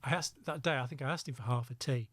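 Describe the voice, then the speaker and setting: A man's voice: mid-range voice, fast talker, no room sound. A middle-aged man, a former undercover police officer, telling vivid anecdotes as a podcast guest and laughing at his own stories. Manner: lively anecdotal storytelling, laughs at own story. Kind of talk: storytelling in a podcast interview.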